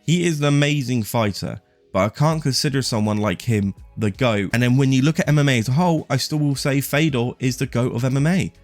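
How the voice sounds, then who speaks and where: A man's voice: medium pitch, brisk, no room sound, faint music behind. A man in his late twenties giving opinionated, casual sports commentary to his viewers. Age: late 20s. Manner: opinionated, talks straight to the viewer.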